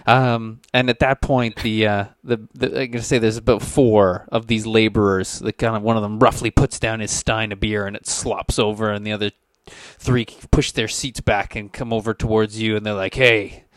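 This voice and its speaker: A man's voice: fairly low pitch, level tone, normal speed, few pauses, dry recording. A man narrating a tabletop game as game master, loose and rambling with many fillers.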